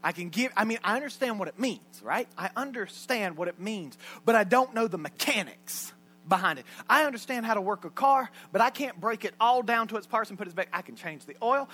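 Preacher guy joking around mid sermon, bright ringing voice, goes loud then quiet. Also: high-pitched. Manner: folksy and joking, shifting between loud and hushed. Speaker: pastor. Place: church sanctuary.

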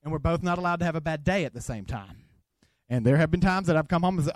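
A man's voice: fairly high pitch, expressive, quick pace, no room sound. A man from the Southern United States, with a Southern accent, preaching an emphatic, joking sermon full of repeated phrases.

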